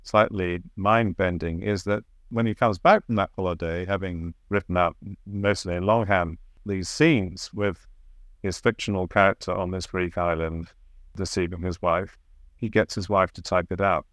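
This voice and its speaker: A man's voice: sits low, steady tone, normal speed, no echo, studio quality. A man being interviewed as the author of a biography, answering reflectively and sometimes searching for the right word.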